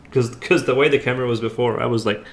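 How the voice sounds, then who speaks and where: A man's voice: mid-range voice, steady tone, normal speed. A middle-aged man hosting a craft live stream in casual, self-mocking chat, laughing often. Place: home room. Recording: echoey room, faint ambience.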